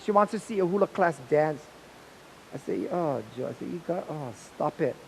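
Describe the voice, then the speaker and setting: Hawaiian man telling a story, slightly gravelly. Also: fairly high pitch, normal speed, a little hiss or hum, low-quality recording. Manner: animated, acts out remembered dialogue. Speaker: hula teacher. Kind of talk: storytelling in an interview.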